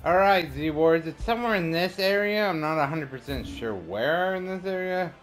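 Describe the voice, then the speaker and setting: A man's voice: fairly high pitch, lively intonation, moderate pace. A man commentating a game as he plays, chatty and rambling, trash-talking the enemies. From Canada. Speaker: let's play gamer.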